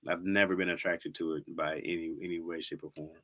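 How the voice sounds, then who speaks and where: A man's voice: low-pitched, flat delivery, a little fast, a bit bright. A man hosting a casual livestream, chatting with his viewers and playfully teasing them, repeating words for laughs. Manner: talks straight to viewers, says "y'all" a lot. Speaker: livestream host.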